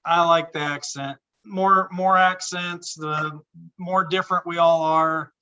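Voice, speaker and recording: A man's voice: fairly high pitch, steady tone, takes it slowly, sharp tone, clear, resonant tone, muffled recording. A man from Idaho hosting a video call chat, friendly and encouraging. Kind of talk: casual chat.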